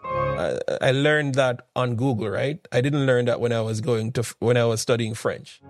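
A man's voice: medium pitch, a little slow, no room sound, soft background music. A young Jamaican man telling rambling, conversational stories from his school days in a morning talk. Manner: rambling, conversational, with frequent restarts and asides. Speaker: speaker giving a morning talk. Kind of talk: casual personal storytelling.

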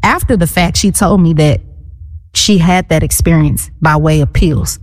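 A woman in her thirties telling her faith story in an interview, animated and acting out what people said. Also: sits low, moderate pace, long reverb tail. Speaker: guest. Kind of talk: testimony in a conversational interview.

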